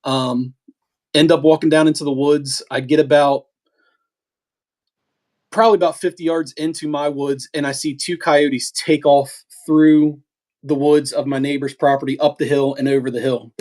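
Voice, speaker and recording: A middle-aged man tells a story in a casual, animated way, and his voice sits a bit high for a man. He often stumbles, restarts his sentences and acts out the quoted talk. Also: normal speed. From eastern United States. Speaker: podcast co-host telling a hunting story.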